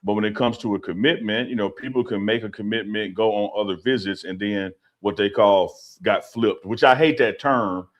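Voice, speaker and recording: A man co-hosting a casual sports talk show, animated and opinionated, repeating himself as he makes his point. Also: lowish voice, moderate pace, few pauses. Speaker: co-host.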